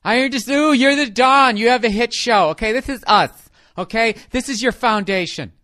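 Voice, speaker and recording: A man's voice: very high voice, brisk, bright, forceful tone, no echo, studio quality, voice pushed up. A man voicing a nagging, emotional wife who keeps pressing her point. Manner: whiny, insistent, repeats "okay?". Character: nagging wife, adult woman, whiny and emotional.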